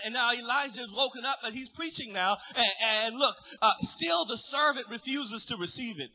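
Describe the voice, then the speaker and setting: A fiery male preacher with a very high, bright voice that swings widely as he tells a story. He builds from quiet asides to shouted high points. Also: expressive, normal speed. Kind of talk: sermon.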